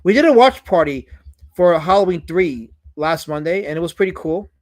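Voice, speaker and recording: A man's voice: high voice, lively intonation, moderate pace. Man hosting a drawing stream, mock-offended. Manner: mock-offended, theatrical fake whining. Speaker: livestream host. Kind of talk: casual live-stream chat while drawing.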